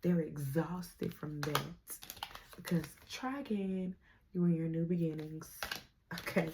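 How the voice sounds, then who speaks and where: A woman's voice: low voice, gravelly, very noisy. A woman giving a casual tarot reading to her viewers. She uses slang, laughs often and speaks straight to the viewer. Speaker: tarot reader.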